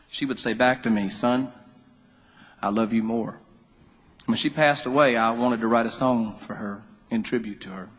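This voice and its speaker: A man's voice: mid-range voice, a bit bright. A man from North Carolina, telling jokey stories on stage between songs at a concert. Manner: folksy, joking storyteller. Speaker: musician on stage. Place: concert venue. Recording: live hall reverb.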